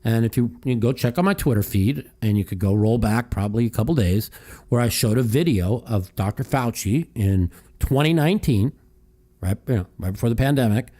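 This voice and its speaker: A man's voice: mid-range voice, lively intonation, brisk, dark tone. A man hosting a casual call-in podcast, talking in a profane, heated, rambling way and often restarting his sentences. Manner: restarts and repeats himself. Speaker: podcast host. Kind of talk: casual call-in chat and rant.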